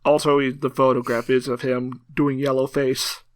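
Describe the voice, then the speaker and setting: A man's voice: mid-range voice, level tone, normal speed, no room sound. A man co-hosting a casual podcast, teasing and giggling through edgy jokes. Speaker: podcast co-host.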